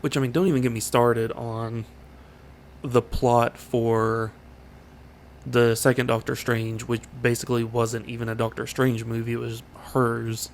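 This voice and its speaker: Gravelly, flat-voiced man ranting casually. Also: mid-range voice, a little slow, a little hiss or hum. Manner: opinionated, rambling, wry, self-deprecating. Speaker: gaming channel host. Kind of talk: casual rambling commentary over gameplay.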